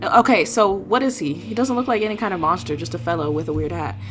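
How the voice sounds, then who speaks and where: A woman's voice: medium pitch, fast, music in the background. A woman reading a visual novel aloud, voicing the heroine's thoughts and adding wry, self-mocking asides. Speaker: game streamer.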